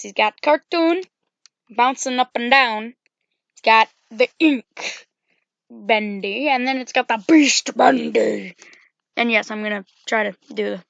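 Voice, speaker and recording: A woman's voice: high voice, creaky, fairly bright tone, no room sound. A woman giving casual, rambling game commentary, full of fillers and self-corrections.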